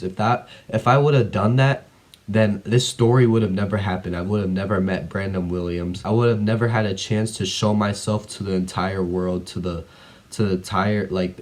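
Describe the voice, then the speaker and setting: A teenage boy with a low, slightly mellow voice tells a story in a casual vlog. He rambles, leans heavily on "like," and is sometimes blunt and profane.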